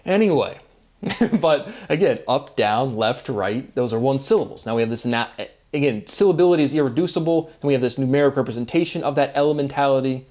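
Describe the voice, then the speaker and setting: A man of medium pitch talks alone in a rambling, free-associating monologue. He strings words together by sound, poses rhetorical questions, and keeps checking in with a quick "right?". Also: a little mellow. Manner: musing, free-associating wordplay, asks himself rhetorical questions; often tags lines with "right?" and chuckles at himself. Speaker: solo video monologue host.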